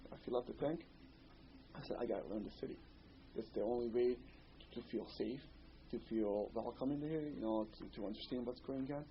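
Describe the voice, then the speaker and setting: A man with a Bosnian accent reminisces in a relaxed, rambling way, peppering his story with "you know." His voice sits in a middle pitch. The recording is a little dull, with a faint hiss underneath. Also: brisk. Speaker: interviewee. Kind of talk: oral history interview.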